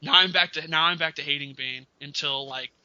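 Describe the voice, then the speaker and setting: A man hosting a casual gaming podcast, animated and laughing, often imitating other players. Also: on the high side, a little fast, crowd noise. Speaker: podcast host. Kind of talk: casual podcast chat about fighting games. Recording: dull lo-fi audio.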